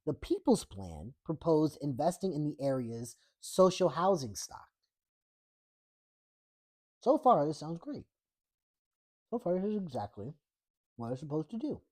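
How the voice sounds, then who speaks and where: A woman's voice: sits low, very animated, a little slow, warm tone. A woman hosting a book reading, breaking off often for sarcastic, profane political commentary. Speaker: host reading a book aloud.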